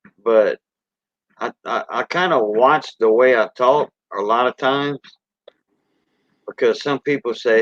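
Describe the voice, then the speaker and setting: A man's voice: mid-range voice, a little slow, long pauses, fairly bright tone, dry recording. Older Cajun man, folksy drawl. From South Louisiana. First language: Cajun French. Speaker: host. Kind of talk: casual livestream chat. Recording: dull dry lo-fi sound.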